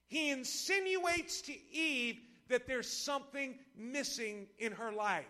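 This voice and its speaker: High, bright-voiced preacher. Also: male voice, animated, moderate pace, few pauses. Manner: impassioned, rising to shouts, then dropping low; rhetorical and playful with the congregation. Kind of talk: sermon. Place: church service before a congregation.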